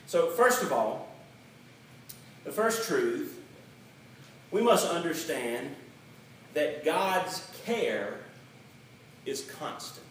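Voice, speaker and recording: A man preaching a sermon as pastor, emphatic, slowing down to stress the key words. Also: medium pitch, distant mic, a little hiss or hum. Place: church sanctuary. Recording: very echoey hall, mic set back.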